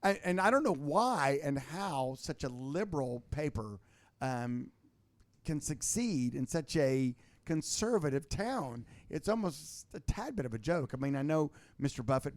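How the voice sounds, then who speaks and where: A man, a guest on a talk show, telling stories in casual political chat, animated and full of restarts. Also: a little high, a little slow, dry recording. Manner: animated storytelling with many restarts.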